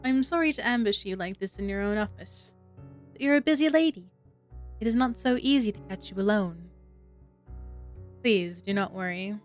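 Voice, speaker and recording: A woman voicing a tall, elegant female witch who speaks in a calm, commanding way, slow and measured. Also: mid-range voice, soft background music, close to an everyday voice. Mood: poised.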